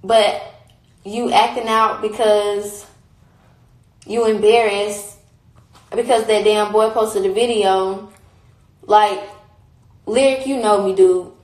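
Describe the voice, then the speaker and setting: A woman's voice: mid-range voice, fairly even intonation, slow, long pauses, a little mellow, reverberant, low-quality recording. A young woman on a phone live stream, talking in a heated, blunt and repetitive way, with frequent swearing. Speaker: livestreamer. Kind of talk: casual livestream rant.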